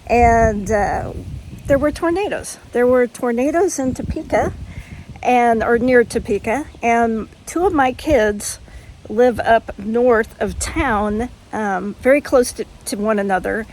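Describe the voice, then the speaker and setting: A woman's voice: a little high, slow pace, darkish tone. An older woman chatting frankly in a casual home vlog, folksy, with frequent ums. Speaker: vlogger.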